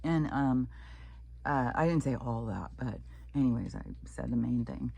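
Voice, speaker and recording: A woman's voice: a bass voice, animated, measured pace, creaky, warm tone, husky, dull audio. A woman talking in a casual, rambling vlog monologue, swearing freely and filling gaps with "um" and "like". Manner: profane, rambling, frequent fillers. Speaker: vlogger.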